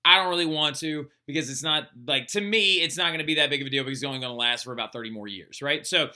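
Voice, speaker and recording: Bright-voiced chatty male history teacher. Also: fairly high pitch, fast. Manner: chatty, keeps adding "right?" to check in. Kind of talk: casual recorded lecture.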